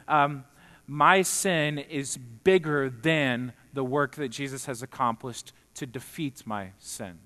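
A man's voice: medium pitch, a bit bright. A man pastor preaching an earnest sermon to a congregation in a church, building to emphatic points. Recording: long reverb in a hall.

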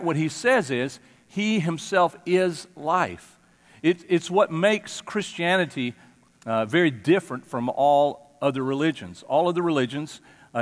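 A man's voice: a little high, in a large hall. A pastor preaching a conversational sermon to his congregation, stopping now and then to put questions to them. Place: church sanctuary.

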